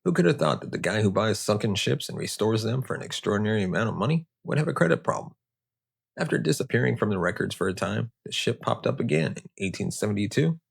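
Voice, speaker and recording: The host of this history podcast has a fairly low, husky voice with vocal fry. He tells the story casually, riffing off-script and dropping sarcastic jokes.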